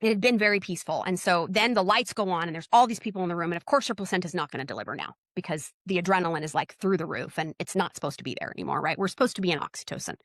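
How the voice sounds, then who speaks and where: A woman's voice: fairly low pitch, expressive, racing, few pauses, a bit bright, no echo, clean studio sound. A middle-aged woman, a doula telling stories in a casual interview, blunt and outspoken, and she often acts out the dialogue. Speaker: doula, podcast guest.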